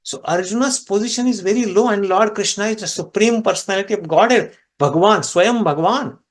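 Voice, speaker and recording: A man teaching a scripture class, retelling a devotional story and explaining Sanskrit words step by step, his voice jumping up in pitch at key moments. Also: fairly quick. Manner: animated storyteller with sudden pitch rises. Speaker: spiritual teacher.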